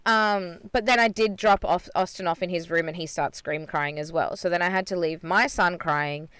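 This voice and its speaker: A woman's voice: lowish voice, moderate pace, a bit bright, smooth, no room sound. A woman podcast co-host telling a story in casual chat, swearing freely and retelling things with energy, recorded inside a parked car.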